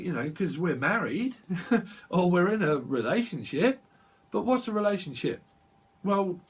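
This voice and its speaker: A man gives a rambling, jokey tarot reading and keeps slipping into little acted-out exchanges. His voice is slightly husky and a bit high for a man, with a very lively rise and fall. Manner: rambling, jokey, acts out dialogue. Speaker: tarot reader. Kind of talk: casual chat, tarot reading.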